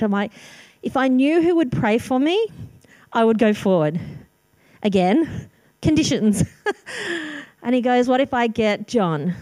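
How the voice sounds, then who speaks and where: A woman's voice: mid-range voice, darkish tone, dry recording. A middle-aged woman giving a candid, storytelling sermon testimony with self-deprecating humour. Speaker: speaker sharing testimony.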